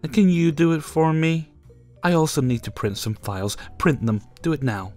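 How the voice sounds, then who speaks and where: A man putting on a shrill bossy entitled girl. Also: animated, normal speed, darkish tone, faint music behind, natural voice. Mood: demanding. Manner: demanding, haughty, snapping orders. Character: shrill bossy entitled young woman customer.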